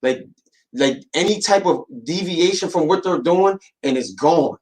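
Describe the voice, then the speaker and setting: A man's voice: on the high side, animated, a little slow, a little mellow, low-quality recording. A young man talking casually on a podcast, slangy and emphatic, often repeating himself as he makes his point. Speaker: podcast co-host.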